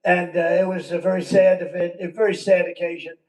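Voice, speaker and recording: A man's voice: sits high, little pitch movement, a little fast, a little mellow. An older man, a politician, giving a rambling, repetitive rally speech full of conversational asides. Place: large venue with a crowd. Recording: roomy sound, distant from the mic.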